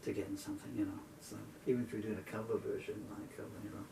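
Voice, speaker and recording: A man's voice: lowish voice, flat delivery, fast talker, gravelly, reverberant, far from the mic, very noisy. A man in his sixties talking in a rambling, digressive way between songs, growing indignant as he goes. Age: 60s. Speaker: singer-songwriter.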